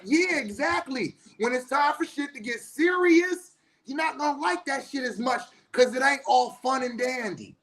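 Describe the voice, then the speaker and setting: A man's voice: extremely high pitch, lively intonation, normal speed. Fired-up man with AAVE speech. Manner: passionate, blunt, heavy swearing, rising to shouts. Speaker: spiritual teacher and counselor. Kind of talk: impassioned profane monologue.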